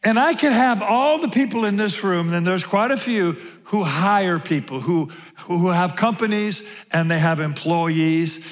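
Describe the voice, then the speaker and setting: A high-pitched male pastor preaching slowly and deliberately, leaning on repeated phrases to drive his points home. His voice carries a long reverb from a large hall. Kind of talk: sermon. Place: large room with audience.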